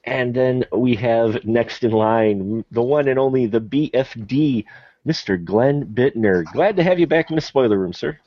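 A man's voice: medium pitch, a little slow, no room sound. A man hosting a casual movie podcast, introducing guests in an upbeat, announcer-like way and laughing often. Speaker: podcast host. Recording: dull lo-fi sound, faint noise.

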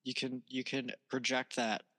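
A man's voice: medium pitch, level tone, normal speed, pushed and bright. A man co-hosting a casual podcast, chiming in with short, teasing remarks. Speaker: podcast co-host. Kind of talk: casual chat.

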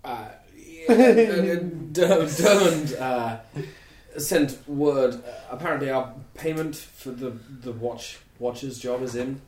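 A man's voice: medium pitch, animated, slow, a little mellow, roomy sound, slight background noise. Hesitant man at a tabletop game. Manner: hesitant, stumbling over words. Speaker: player. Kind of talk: casual tabletop role-play.

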